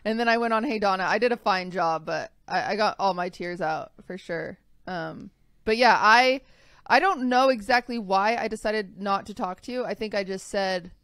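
A woman's voice: medium pitch, moderate pace, fairly bright tone, clear, resonant tone, no echo. A young woman co-hosting a podcast, telling a personal story in a rambling, casual way with lots of fillers. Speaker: podcast co-host. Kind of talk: casual chat.

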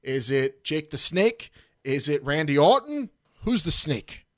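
An animated man hosting a casual wrestling podcast, cracking jokes and swearing freely. His voice sits a bit high for a man, and it leaps even higher when he gets worked up. The sound is close and dry, with no room around it. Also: measured pace, dry recording. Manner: animated, profane, jokey, jumps up in pitch when excited. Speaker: podcast host.

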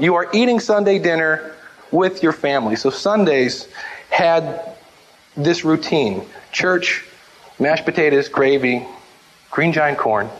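A man with a notably high voice tells warm, funny family stories to a live audience. He is animated and jumps into little voices for the people in his anecdotes. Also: poor audio. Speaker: speaker sharing memories of his mother. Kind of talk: storytelling talk to a live audience.

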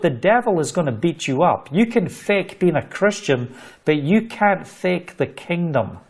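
A middle-aged man preaching a livestreamed sermon, fervent and storytelling, repeating phrases for emphasis. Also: on the high side.

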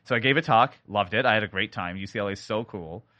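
A man's voice: lowish voice, quick pace, dry recording, highs cut off. A man from India, a sound designer, telling stories in a casual interview with many restarts. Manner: animated storytelling with many likes and restarts.

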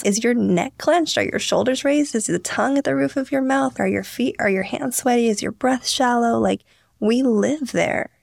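A woman's voice: medium pitch, gravelly, dry recording, studio quality. A young woman, a podcast guest and founder, telling stories earnestly and acting out what people said. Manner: earnest, storytelling, acts out quotes. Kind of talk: candid interview talk.

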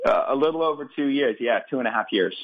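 A man's voice: medium pitch, expressive, fast, lo-fi sound. A man, a startup founder, answering interview questions earnestly and enthusiastically, often repeating words as he starts a thought.

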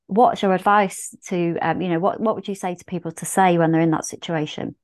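A woman hosting a podcast, asking her guest questions in a chatty way full of "you know" and "like". Her voice sits a little low. She talks easily and shares her own stories. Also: fairly even intonation, a little fast. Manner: chatty, with lots of fillers. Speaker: podcast host. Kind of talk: podcast interview.

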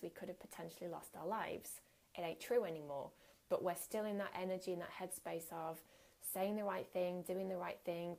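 Woman, workshop coach, candid and earnest, low gravelly voice. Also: darkish tone. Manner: candid, earnest, conversational with fillers. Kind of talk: workshop talk.

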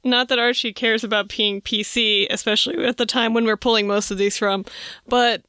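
A woman's voice: a little high, steady tone, fairly quick, pushed and bright, no echo, clean studio sound. A young woman co-hosting a podcast, chatting casually with wry jokes and frequent laughter. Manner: wry, joking, laughs often. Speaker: podcast co-host. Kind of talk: casual chat.

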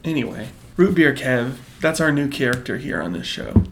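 A man's voice: medium pitch, big pitch swings, moderate pace, creaky, slight background noise. A man co-hosting a podcast in casual chat, joking and playfully indignant. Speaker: podcast co-host.

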